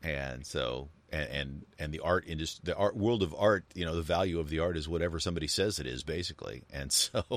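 A man's voice: a bass voice, a little fast, few pauses, a bit bright, no echo. A man co-hosting a casual talk show, rambling and joking, with many restarts and fillers. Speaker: co-host. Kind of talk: casual chat.

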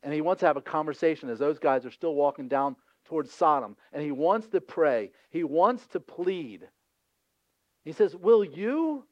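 Male pastor, lively conversational sermon, slightly high voice, dull lo-fi recording. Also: moderate pace, no room sound. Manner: lively, conversational, acts out voices in scripture scenes.

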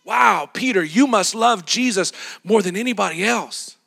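A man preaching a sermon, retelling a story with animated, dramatic flair. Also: high voice, normal speed, creaky.

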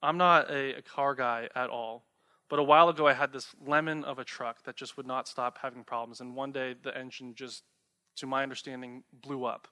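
A man's voice: mid-range voice, fairly even intonation, brisk, sharp tone. A young man preaching a sermon, talking conversationally and asking the listeners rhetorical questions. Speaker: pastor.

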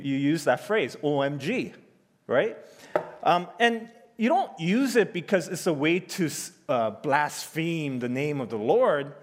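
A man preaching a sermon in a conversational way, often asking the congregation "right?". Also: fairly high pitch. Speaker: pastor. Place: church sanctuary. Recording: church hall with long reverb.

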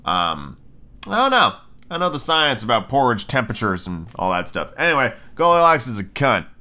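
A podcast host reads a storybook aloud casually, breaking off for irreverent commentary and swearing freely. His medium-pitched voice is sharp and brisk, with big swings in pitch.

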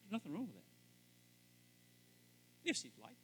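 A man preaching a sermon on marriage, swinging from quiet asides up to loud, fervent emphasis. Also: huge pitch swings, moderate pace, slight background noise. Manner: rising to loud fervent emphasis, then dropping low; acts out little scenes in voices. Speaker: pastor.

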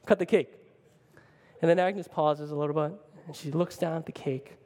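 Male pastor, sermon storytelling, animated and chatty, somewhat high voice, long church-hall reverb. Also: fairly quick. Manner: animated, conversational, keeps asking "right?".

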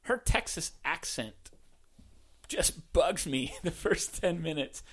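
Male podcast co-host: casual, slow-paced, animated pitch, laughs easily, drifts off mid-sentence. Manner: relaxed, laughs often, trails off mid-sentence. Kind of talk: casual chat.

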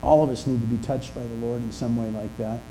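An older man preaching a sermon in a church, telling stories in a conversational way with pauses and restarts. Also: mid-range voice, fairly even intonation, warm tone, slight background noise, poor audio. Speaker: pastor. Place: church sanctuary.

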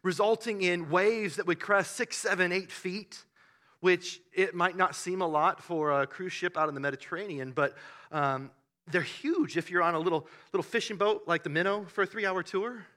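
A man preaching a sermon, telling the story with animated bursts and hushed asides. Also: high voice, moderate pace. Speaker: pastor.

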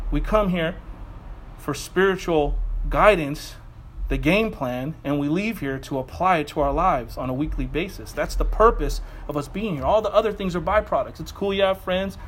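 A man's voice: high-pitched, fairly bright tone. A middle-aged male pastor preaching a sermon in a fired-up, conversational way with casual asides.

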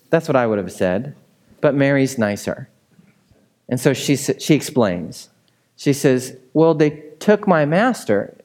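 A man delivers a sermon in a relaxed, talky way and keeps checking in with his listeners. His voice sits a little high for a man. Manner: conversational, asks the room questions. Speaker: pastor.

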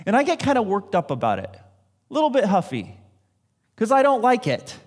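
Lively high-voiced man preaching. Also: normal speed, breathy edge. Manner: conversational, self-deprecating preaching with acted-out quotes. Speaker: pastor. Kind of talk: sermon.

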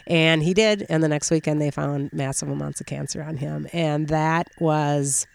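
A woman, an energy healer being interviewed, tells a personal story in a heartfelt, halting way, close to tears and full of fillers. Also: sits low, fairly even intonation, creaky.

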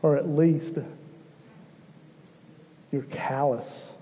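A man preaching a sermon to his church, slow and emphatic, rising in intensity at key moments. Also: a little high, fairly even intonation, mellow, long reverb tail, poor audio. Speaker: pastor.

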